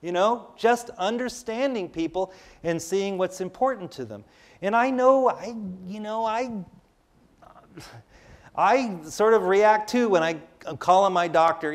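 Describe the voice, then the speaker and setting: An older man, a public speaker with a high-pitched voice and a measured pace, gives a conversational lecture. He tells personal stories in a chatty, rambling way and frequently restarts his sentences.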